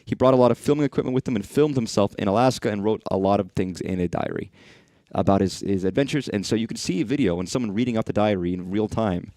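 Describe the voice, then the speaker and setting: A man with a lowish, dark voice speaks quickly, recorded with no room sound. He's streaming a horror game, rambling on, cursing freely, and addressing whatever shows up on screen in casual live commentary.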